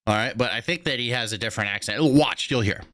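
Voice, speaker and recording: A man's voice: medium pitch, fast talker, a bit bright. A man hosting a reaction stream, giving blunt, profane running commentary.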